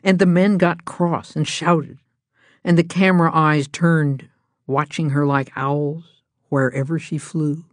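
Woman narrating a children's storybook, low voice, gentle and even, dry close recording. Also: slow pace, dry recording. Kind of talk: storybook reading aloud.

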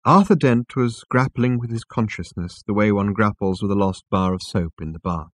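A man narrating a storybook chapter in a slow, measured, dramatic reading. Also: lowish voice, no echo. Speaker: audiobook narrator. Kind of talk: scripted narration.

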